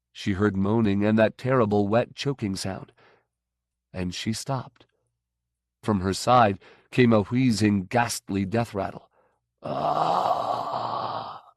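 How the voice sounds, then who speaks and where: A man narrating a science fiction audiobook in a measured, even way. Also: on the low side, no echo, clean studio sound. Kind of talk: scripted narration.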